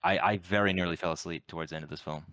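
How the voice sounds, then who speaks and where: Man, podcast co-host, opinionated and sarcastic, very low voice. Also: steady tone, rapid-fire, pushed and bright, no echo. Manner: wry, opinionated, dry sarcastic jokes. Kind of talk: casual film review chat.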